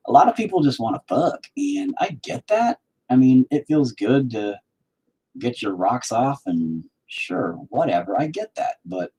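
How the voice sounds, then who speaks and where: Husky, lively man rambling casually. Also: lowish voice, poor audio. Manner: joking, profane, easily sidetracked. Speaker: video creator.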